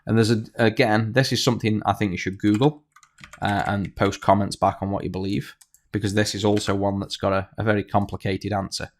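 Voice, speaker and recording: A man's voice: fairly low pitch, level tone, brisk, slight background noise. A man teaching a coding tutorial over a screen recording, thinking aloud with fillers and restarts. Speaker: programming tutor.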